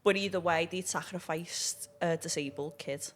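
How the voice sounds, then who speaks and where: Brief: young woman, slightly low voice, chatty matter-of-fact storyteller, guest on a chat show. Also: moderate pace. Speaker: podcast guest, exorcist. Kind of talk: casual chat.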